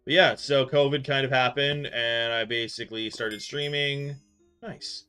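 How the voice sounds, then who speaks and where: A man's voice: medium pitch, steady tone, measured pace, bright, forceful tone, clear, resonant tone, soft background music. A young man from Canada chatting casually with viewers on a live stream while he plays, rambling and full of fillers as he gets distracted.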